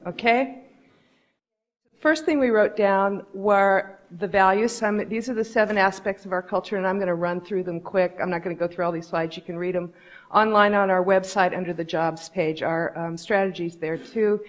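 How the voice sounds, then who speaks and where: A woman's voice: mid-range voice, fairly even intonation, moderate pace. A middle-aged woman giving a candid storytelling talk to an audience, acting out the voices she quotes. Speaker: conference speaker.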